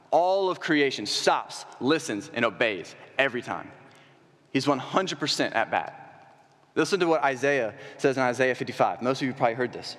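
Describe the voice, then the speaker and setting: Long hall reverb fills this recording of a young adult coordinator preaching in a church sanctuary, his medium-pitched voice a bit bright. He poses rhetorical questions to the congregation and climbs to emphatic peaks.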